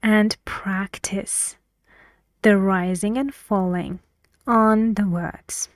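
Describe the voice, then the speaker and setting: A woman teaching an English pronunciation lesson, speaking slowly and deliberately, repeating each word several times and sometimes dropping to a soft whisper. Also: mid-range voice, fairly even intonation, no room sound.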